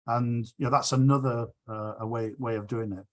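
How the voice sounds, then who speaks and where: A man's voice: medium pitch, steady tone, moderate pace. A man speaker answering audience questions after his talk, earnest and agreeable, often restarting his sentences. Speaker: guest speaker.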